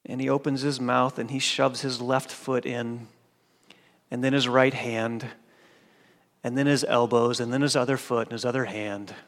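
A man preaching a sermon, swinging from loud emphatic declarations to hushed, quiet lines. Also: medium pitch, flat delivery, normal speed. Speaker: pastor. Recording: long hall reverb.

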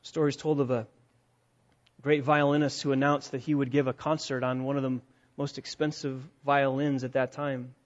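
A man's voice: mid-range voice, flat delivery, normal speed. Emphatic preacher man, dull lo-fi sound. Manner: emphatic, swings between hushed and loud, rhetorical questions. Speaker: pastor. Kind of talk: sermon. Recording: dull lo-fi recording.

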